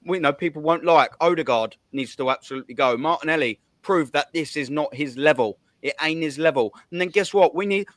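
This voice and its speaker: A man's voice: fairly high pitch, a little fast, hardly any pauses, no room sound. Ranting man with a dry sound. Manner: profane, ranting, emphatic. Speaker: fan channel host. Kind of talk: heated football fan rant.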